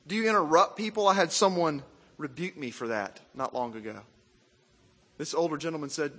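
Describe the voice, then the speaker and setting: A man from Arkansas, preaching a sermon in an animated, self-mocking way and asking the crowd questions. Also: a little high, moderate pace, long pauses, long reverb tail. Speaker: pastor.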